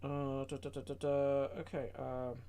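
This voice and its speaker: A man streaming a game and chatting casually, rambling with playful deadpan jokes. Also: medium pitch, normal speed, creaky. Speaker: streamer and co-host. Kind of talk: casual chat while gaming.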